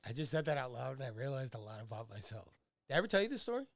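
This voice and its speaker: A man's voice: medium pitch, very animated, very fast, no echo. A young man hosting a podcast, telling rambling, crude, joking stories in casual chat. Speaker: podcast host.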